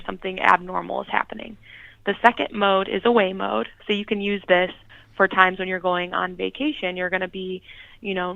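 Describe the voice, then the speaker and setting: A woman guest walks a listener through how a product works, steady and explanatory. Her voice comes over a tinny phone line and sounds dry and close. She keeps a fairly flat tone with a slightly gravelly edge. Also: medium pitch, no room sound. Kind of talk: radio interview.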